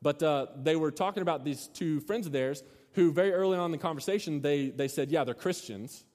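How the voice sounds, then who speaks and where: A man's voice: fairly high pitch, fairly quick, a little mellow. A man in his thirties preaching a casual sermon as a youth pastor, telling a story with many restarts and asides. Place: church hall. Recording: long hall reverb.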